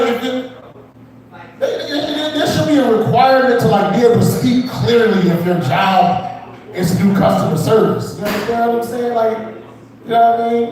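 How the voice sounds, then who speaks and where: A young man's high, darkish voice carries from far off the mic in a small comedy club with roomy echo. He's doing a rambling open-mic stand-up set, full of swearing and asides to the crowd.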